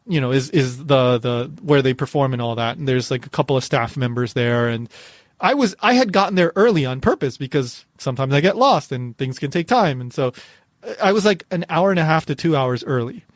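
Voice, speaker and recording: A man hosting a podcast, telling a story in a casual and animated way. He laughs often and restarts his phrases a lot. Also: medium pitch, a little fast, no echo, clean studio sound. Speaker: podcast host.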